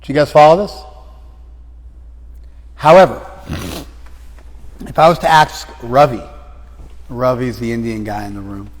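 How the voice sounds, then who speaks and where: Male teacher, mid pitch, probing and repetitive in his questions, long reverb. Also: unhurried, pauses often. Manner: probing, repeats and rephrases questions. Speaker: teacher of a scripture class. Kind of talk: lecture with questions to the class. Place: class room, some students joining by phone.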